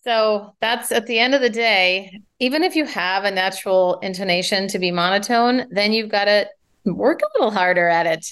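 Animated woman speech coach. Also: medium pitch, normal speed, clean tone. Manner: animated, demonstrates vocal variety while explaining. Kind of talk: advice interview.

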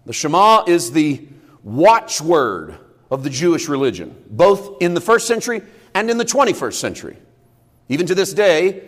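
Male pastor with a slightly high voice. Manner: explanatory, folksy, with casual sports idioms. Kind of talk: conversational sermon teaching. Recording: long reverb in a large hall.

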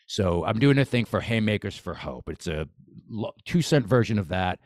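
A man's voice: lowish voice, animated, normal speed, a little mellow, dry recording, clean studio sound. A man, a boxing coach, talking casually as a podcast guest, enthusiastic and rambling with restarts. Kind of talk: casual interview chat.

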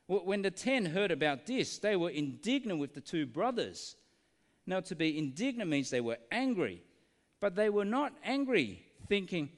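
A man preaching a sermon with a fairly high, lively voice that climbs and falls through rhetorical questions. He slows right down to lean on key words. A long reverb hangs around him, as in a big church hall.

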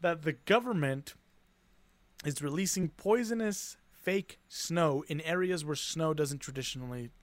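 A man's voice: fairly high pitch, measured pace, no echo. Giggly, rambling podcast co-host man. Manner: giggly, rambling, restarts sentences. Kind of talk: casual podcast chat.

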